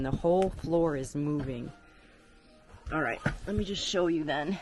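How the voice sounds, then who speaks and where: A woman's voice: low-pitched, unhurried. Chatty woman exploring an old attic. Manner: chatty, exclaims at creaking floors. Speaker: urban explorer vlogger. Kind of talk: narrating while exploring. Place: abandoned farmhouse attic.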